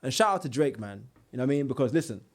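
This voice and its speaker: Young man, animated storyteller, casual interview guest, slang-heavy. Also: mid-range voice, racing.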